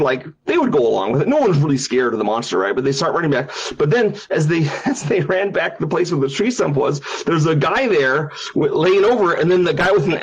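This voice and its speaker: Guy on his stream telling spooky stories, bit husky, does all the sound effects. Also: fairly high pitch, a little fast, hardly any pauses, muffled recording. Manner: animated storyteller, acting out sounds and voices. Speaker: game designer and streamer. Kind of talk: casual storytelling on a stream. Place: his house.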